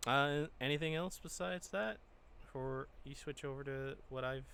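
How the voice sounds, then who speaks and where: A man's voice: medium pitch, moderate pace, vocal fry, a bit bright, a little hiss or hum. A young man co-hosting a podcast in casual chat, blunt and swearing now and then. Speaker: podcast co-host.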